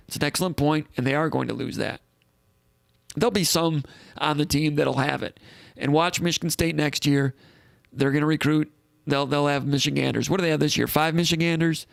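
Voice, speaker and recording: A man's voice: a little high, creaky, dry recording, clean studio sound. A man hosting a live call-in sports show in a casual, rambling way, reading out comments and thinking aloud.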